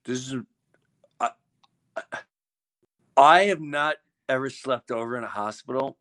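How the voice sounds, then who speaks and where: A man co-hosting a podcast, chatting casually and tossing in quick jokes and questions. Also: mid-range voice, a bit bright. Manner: wisecracking, asks questions and jokes in quick asides. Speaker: podcast co-host. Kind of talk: casual chat.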